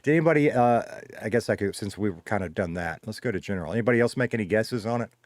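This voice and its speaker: A man's voice: on the low side, expressive, fast, no room sound, studio quality. Casual sounding male streamer. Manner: chatty, swears freely, laughs often. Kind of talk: casual live-stream chat.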